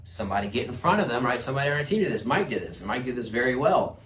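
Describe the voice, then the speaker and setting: A man from Houston giving a class to real estate agents, energetic, acting out little quoted conversations as he talks. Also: mid-range voice, racing. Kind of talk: class lecture. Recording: echoey room with faint ambience.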